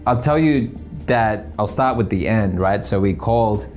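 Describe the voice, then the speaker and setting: Male host, lowish voice, casual storytelling, soft music underneath. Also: a little slow. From Australia. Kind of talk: casual talk.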